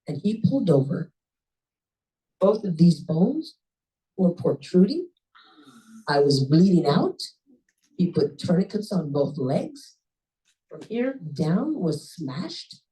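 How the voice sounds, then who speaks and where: A woman at a club meeting telling a personal story in a lively, conversational way, often jumping up in pitch for emphasis. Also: slow pace, long pauses. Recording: voice a bit distant from the mic.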